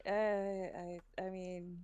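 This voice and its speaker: A woman's voice: mid-range voice, little pitch movement, drawn-out words, warm tone, clear, resonant tone, no echo. A woman co-hosting a podcast, chatting casually, teasing her co-host and laughing often. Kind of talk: casual chat.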